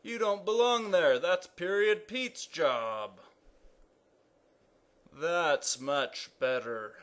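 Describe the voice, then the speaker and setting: A man voicing a pompous, loud male king who proclaims grammar rules in an animated cartoon. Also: extremely slow. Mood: commanding. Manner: booming proclamations.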